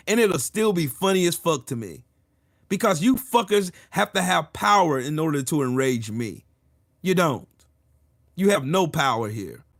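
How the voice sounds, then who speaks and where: A combative man ranting straight to his audience, cursing freely and mocking his critics. His voice sits a little high for a man and swings widely in pitch as he hammers each point. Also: a bit bright. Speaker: channel host. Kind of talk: ranting commentary.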